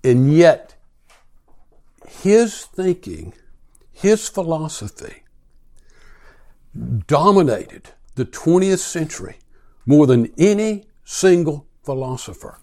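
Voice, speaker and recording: Male preacher, slightly high voice, slow and emphatic sermon delivery, builds to urgent reading. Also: sing-song, a little mellow. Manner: slow, emphatic delivery, rising to intense questioning when reading aloud.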